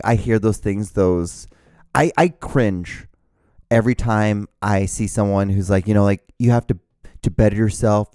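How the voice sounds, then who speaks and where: A man's voice: fairly low pitch, warm tone, no room sound, studio quality. A man hosting his own solo podcast, rambling and swearing, with many restarts. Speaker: podcast host.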